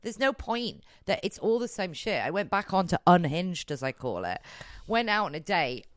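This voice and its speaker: A woman's voice: lowish voice, sing-song, normal speed, dry recording, studio quality. A young adult woman co-hosting a podcast in casual chat, frank and rambling, often laughing. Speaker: podcast co-host.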